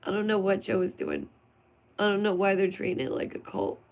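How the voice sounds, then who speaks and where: A woman's voice: medium pitch, huge pitch swings, fairly quick, a little mellow. A woman vlogger venting in an emphatic, sarcastic monologue full of rhetorical questions.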